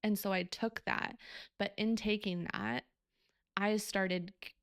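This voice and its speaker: A woman's voice: mid-range voice, steady tone, slow, dry recording, clean studio sound. A young woman hosting a podcast, telling a personal story in a candid, emotional way with frequent swearing and fillers. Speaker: podcast host.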